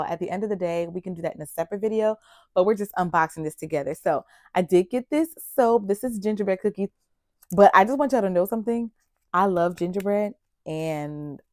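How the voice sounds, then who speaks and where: Chatty young woman, slow and dry. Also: mid-range voice, dry recording. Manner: chatty and excitable, addresses viewers directly. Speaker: vlogger unboxing gifts. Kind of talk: casual unboxing chat. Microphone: external mic on camera.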